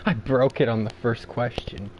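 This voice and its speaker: A man's voice: medium pitch, background noise. A man from Canada with a Canadian English accent, chatting casually on his livestream. He rambles, cuts himself off and laughs at himself. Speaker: livestream host.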